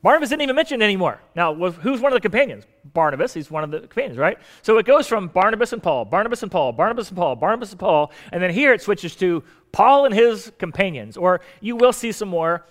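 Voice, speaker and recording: A man delivering a sermon in a conversational teaching manner, with humorous asides and emphatic shifts in loudness. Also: high-pitched, sing-song, quick pace, hardly any pauses. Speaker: pastor.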